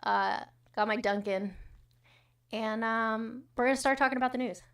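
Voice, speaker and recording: A fairly high-voiced woman hosting a casual livestream, talking straight to her chat. She is blunt and sarcastic and swears freely, and her voice sits a little back from the mic. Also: moderate pace, fairly bright tone, far from the mic. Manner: blunt, profane, sarcastic asides. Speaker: livestream host. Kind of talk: casual livestream chat reading comments and news.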